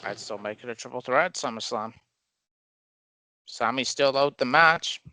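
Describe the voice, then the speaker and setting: A man's voice: mid-range voice, moderate pace, no echo. A man co-hosting a casual wrestling podcast, giving firm opinions. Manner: animated, opinionated. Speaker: podcast co-host.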